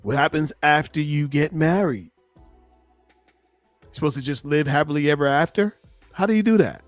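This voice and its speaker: A man's voice: a little high, moderate pace, no echo, faint music behind. Emphatic male coach, dry close voice. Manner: animated, emphatic, speaks straight to listeners. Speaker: relationship coach. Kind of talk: reaction commentary on a played clip.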